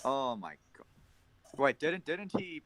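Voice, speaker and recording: Laughing, excitable livestream co-host. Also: male voice, medium pitch, slow. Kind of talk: casual chat.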